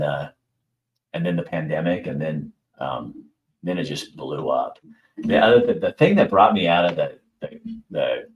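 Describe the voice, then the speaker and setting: A deep-voiced middle-aged man hosts a show with a casual opinion monologue, speaking bluntly, swearing, and mimicking people in raised voices. The recording is rough, in an echoey room.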